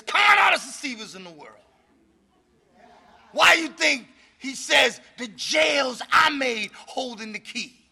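A man sharing his recovery story at an addicts' meeting in a preachy style, often shouting for emphasis and laughing between points. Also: very high-pitched, gravelly, breathy edge. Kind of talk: recovery testimony.

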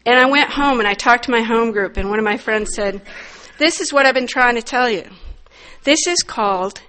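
A middle-aged woman from the northern United States giving a candid, wry personal testimony, with sudden loud emphatic bursts. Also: a little high, moderate pace. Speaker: recovery meeting speaker.

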